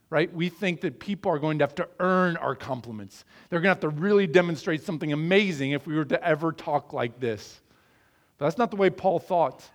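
A middle-aged Midwestern man delivers a sermon with a slightly higher pitch than most men. He talks in an earnest, conversational way and keeps putting rhetorical questions to his congregation. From American Midwest. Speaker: pastor.

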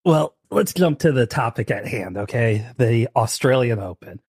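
A man's voice: medium pitch, animated, moderate pace, a little mellow, breathy edge, dry recording, studio quality. A man hosting a podcast in casual chat, joking and laughing often. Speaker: podcast host.

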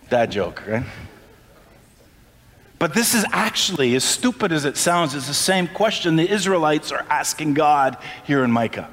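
A man preaching a sermon as pastor, impassioned and climbing in pitch when he stresses a point. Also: animated, moderate pace, a bit bright, in a large hall. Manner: impassioned, rising pitch on emphasis.

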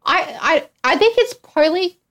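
High-voiced, giggly woman co-host. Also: animated, normal speed, a bit bright. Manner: laughs often, jumps in with details. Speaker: podcast co-host. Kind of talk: casual chat about a film.

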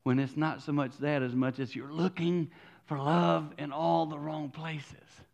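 A man preaching a sermon as pastor, animated and acting out voices. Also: a little high, a little slow, creaky.

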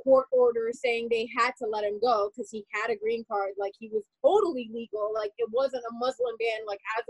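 A young woman with a high, bright-sounding voice tells a personal story in a loose, animated way, with "like" dropped into nearly every sentence. The recording is close and dry, with no room sound around her. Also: husky, no room sound, rough recording. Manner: animated, rapid, full of "like" fillers. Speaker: guest telling a personal story. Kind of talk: casual storytelling.

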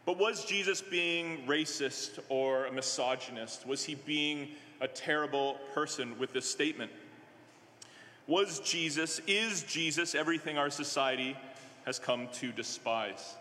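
A male minister preaching a sermon in a conversational way, halting often with fillers and restarts. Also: on the high side, pushed and bright. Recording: echoey hall with long reverb.

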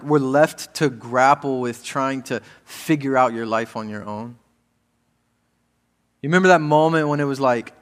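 Man preaching in a reverberant hall. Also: medium pitch. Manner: swings between quiet reading and raised urgent preaching. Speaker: pastor. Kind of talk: sermon.

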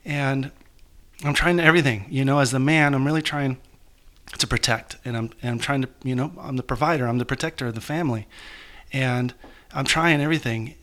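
Bright-voiced man telling a personal story. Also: medium pitch. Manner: halting, emotional, many restarts. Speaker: guest author.

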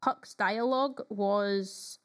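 A woman's voice: mid-range voice, slow. A woman co-hosting a podcast in casual chat, talking with enthusiasm and lots of fillers. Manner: chatty, enthusiastic, frequent fillers. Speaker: podcast co-host.

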